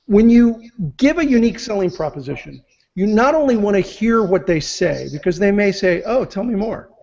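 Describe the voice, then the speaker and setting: A man's voice: sits high, sing-song, normal speed, gravelly, a little mellow. A man giving business advice as an interview guest, explaining step by step and acting out example phrases. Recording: muffled lo-fi audio.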